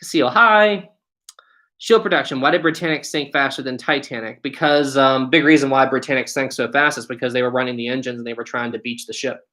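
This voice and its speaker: A young man with a West Virginian accent chats easily on a live stream, reading questions from his viewers aloud. His voice is bright and open, and he keeps saying things are "really, really" cool. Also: mid-range voice, fairly even intonation, fairly quick. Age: 20s. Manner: friendly, repeats "really, really". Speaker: channel host.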